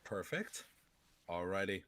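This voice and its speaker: A man's voice: deep voice, expressive, slow, a bit bright, no echo. A man co-hosting a live film podcast, joking and hamming it up as he introduces the show and guests. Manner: playful, jokey showman intros. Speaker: podcast co-host.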